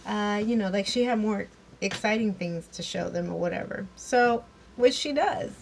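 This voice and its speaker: Chatty woman with vocal fry. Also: medium pitch, normal speed, slight background noise. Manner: chatty, rambling with many fillers and restarts. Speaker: TV episode reviewer. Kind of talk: casual episode recap.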